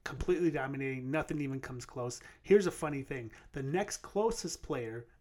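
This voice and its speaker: A man's voice: mid-range voice, normal speed, a little mellow. A man co-hosting a casual sports podcast, emphatic, with hesitant restarts. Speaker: podcast co-host.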